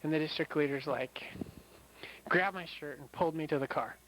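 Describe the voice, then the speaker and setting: A man's voice: on the high side, brisk, fairly bright tone. A young man missionary recording a rambling, casual audio letter, telling a story with lots of fillers. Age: young adult. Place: in a moving car. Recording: noisy car recording.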